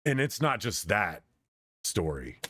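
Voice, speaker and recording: Low-voiced man rambling casually. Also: sing-song, measured pace, bright, forceful tone, no echo, clean studio sound. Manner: meandering, with frequent restarts and trailing off. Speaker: streamer.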